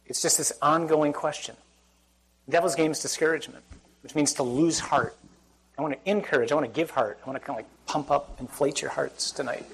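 A man's voice: fairly high pitch, creaky, fairly bright tone, low-quality recording. A man giving a Catholic sermon to a live audience, conversational and joking, often putting questions to the crowd. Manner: conversational, asks the crowd questions, humorous asides. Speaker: Catholic priest. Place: church or hall with audience.

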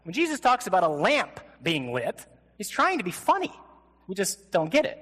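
A man's voice: high voice, moderate pace. Man preaching in a reverberant conference hall. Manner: animated, joking, mimics flat gospel readings. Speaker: Catholic priest. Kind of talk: conference sermon. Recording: live talk with long hall reverb.

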